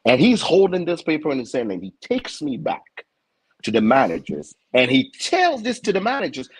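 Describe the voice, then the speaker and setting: Lively husky man. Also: fairly high pitch, moderate pace, rough recording. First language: French. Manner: animated, stammering repeats, acts out other voices. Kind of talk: casual comic storytelling.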